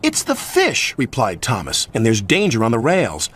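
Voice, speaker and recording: A man's voice: medium pitch, normal speed, husky. A man narrating a children's TV story and slipping into voices for the characters. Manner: animated, shifting into character voices.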